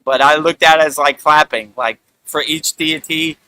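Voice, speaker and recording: A middle-aged man hosting a spiritual talk, speaking in a relaxed, rambling way with lots of "you know". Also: a little high, normal speed, clean tone, low-quality recording. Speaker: spiritual teacher and show host.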